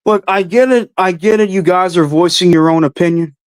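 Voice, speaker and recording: A man's voice: high-pitched, fairly quick, clear, resonant tone, dry recording. A man hosting a livestream, answering chat questions with blunt, offhand opinions and casual swearing. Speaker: host answering live chat.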